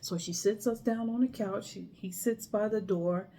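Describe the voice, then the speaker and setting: A woman's voice: mid-range voice, steady tone, moderate pace, mellow, slight background noise. A middle-aged woman casually telling a personal story in a chatty way, acting out the people she quotes. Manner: chatty, acts out quoted people, laughs between lines.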